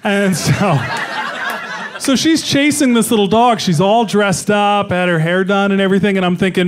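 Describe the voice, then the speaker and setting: A middle-aged man performing a stand-up comedy set, telling animated stories with chuckles on a club stage mic. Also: sits high, normal speed. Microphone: stage microphone.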